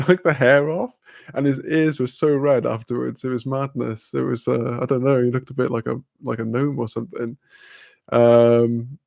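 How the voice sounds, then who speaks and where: A man's voice: medium pitch, vocal fry, a little mellow, no echo, clean studio sound. A young man hosting a livestream, chatting casually and reading out viewer comments, laid-back, laughing often and swearing freely. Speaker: livestream host.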